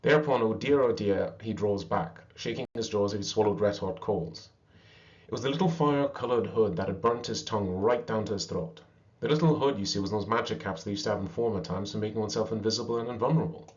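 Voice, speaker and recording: A man reading an old fairy tale aloud with expressive storybook narration, on a slightly dull recording. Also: fairly low pitch, quick pace.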